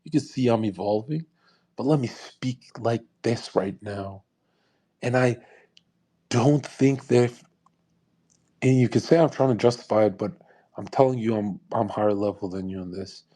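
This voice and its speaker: A man's voice: mid-range voice, normal speed, long pauses, dark tone. A young man in his twenties hosting a live audio room, talking in a crude, combative and boastful way. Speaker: livestream host.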